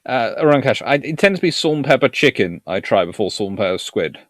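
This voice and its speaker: A man's voice: mid-range voice, sing-song, quick pace, no room sound, studio quality. A man from Surrey with a southern English accent, hosting a history live stream and chatting casually through viewer comments. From Surrey, England. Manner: rambling, chatty, chuckling.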